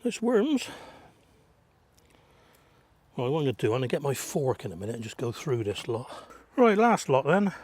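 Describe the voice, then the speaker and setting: A man's voice: medium pitch, big pitch swings, moderate pace, pauses often, a little mellow, husky. A man chatting casually as he works on his allotment, muttering asides as he goes. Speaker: allotment gardener vlogger. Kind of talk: casual chat while gardening. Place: outdoors at an allotment plot.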